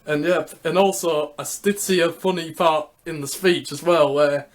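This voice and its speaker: With a higher-than-average voice, fairly even intonation, and normal speed, a man offers casual vlog commentary ranking the Olympic Games. He stumbles and repeats words, defaulting to "so yep" while he figures out what to say.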